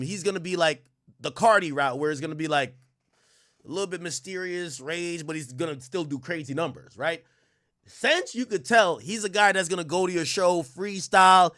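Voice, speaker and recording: A man from Jamaica with an American accent, hosting a livestream and chatting quickly and directly to his viewers. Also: sits high, sharp tone. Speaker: livestream host. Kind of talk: casual stream commentary.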